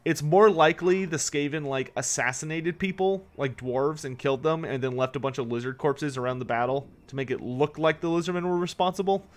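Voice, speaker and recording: Slightly high-voiced and fairly fast with few breaks, a man live-streams a strategy game, chatting loosely and answering viewers' questions. He sounds worn out, yawns, and swears when something annoys him.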